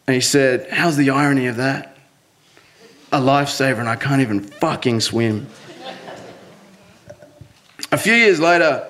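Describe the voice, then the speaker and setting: A man's voice: medium pitch, a bit bright. Man telling a personal story. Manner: earnest, breaks into nervous laughs.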